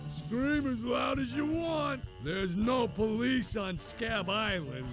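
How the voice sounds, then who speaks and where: An actor voicing a short, bullying male pirate thug in a video game, gravelly and sneering. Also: very high voice, animated, slow pace, music in the background, full character voice. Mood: gloating.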